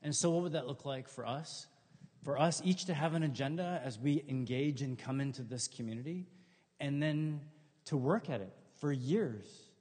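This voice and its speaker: A middle-aged man preaching a sermon in a relaxed, conversational way, telling funny stories and acting out what people said. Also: mid-range voice, breathy edge, big-room sound. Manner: conversational, humorous storytelling with acted quotes. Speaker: pastor.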